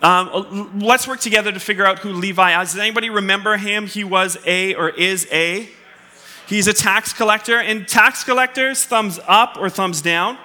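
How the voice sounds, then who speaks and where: A man giving a sermon to a congregation, quizzing them playfully and asking them to answer out loud. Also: sits high, moderate pace. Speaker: pastor. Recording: long hall reverb.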